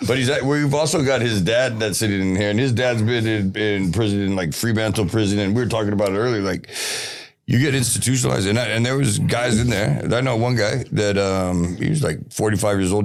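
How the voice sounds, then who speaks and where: Low-voiced podcast host. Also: male voice. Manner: loose, affirming, quick asides. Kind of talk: casual interview chat.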